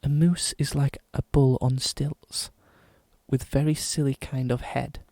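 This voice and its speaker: A man putting on a slow, pompous posh announcer voice for comic readings. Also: medium pitch, completely flat delivery, dry recording, natural voice. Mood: mock-posh. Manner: slow, measured, overly formal.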